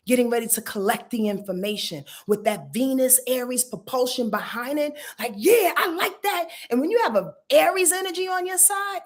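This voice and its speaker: Lively high-voiced woman, animated astrology host. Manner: animated, chatty, slangy, puts on voices for the signs; swears casually. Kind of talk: casual astrology talk to viewers.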